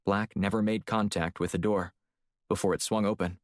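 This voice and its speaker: Deep-voiced male audiobook narrator. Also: steady tone, moderate pace, no room sound, studio quality. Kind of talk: scripted narration.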